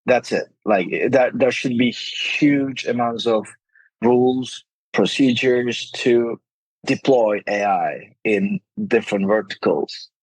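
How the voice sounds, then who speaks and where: A man's voice: mid-range voice, takes it slowly, dry recording, low-quality recording. A man appearing as a guest in a podcast interview, speaking earnestly and emphatically. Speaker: game studio CEO, podcast guest.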